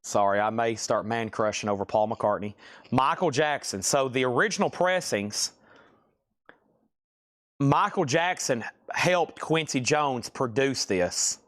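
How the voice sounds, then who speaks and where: A man's voice: mid-range voice, a little slow, fairly bright tone, no echo, studio quality. A man hosting a live vinyl record sale, chatting casually and rambling between sales. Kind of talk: casual live-stream selling.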